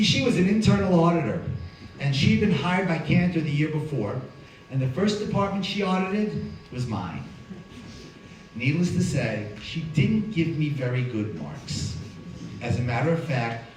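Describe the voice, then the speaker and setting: A man with a slightly high voice tells a dramatic survival story as a guest speaker before an audience in a hall. The recording is very echoey, picked up from far away, with a little background noise.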